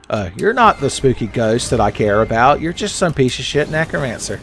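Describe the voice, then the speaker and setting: A man giving joking, casual commentary while playing a video game, jumping up in pitch when excited. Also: a little fast, few pauses, a little hiss or hum. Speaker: let's play host.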